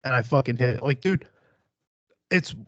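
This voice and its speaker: A man hosting a podcast, talking casually in a brash, boastful way with constant swearing. His voice sits at an ordinary middle pitch. The sound is dull and lo-fi, and close and dry with no echo. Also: normal speed. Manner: profane, boastful, hyper-competitive. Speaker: podcast host.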